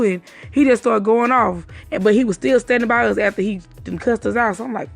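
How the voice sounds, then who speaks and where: Speaking at medium pitch with vocal fry, a woman tells the story of her night out over soft background music. She curses openly, speaks rapidly, and performs the lines others said.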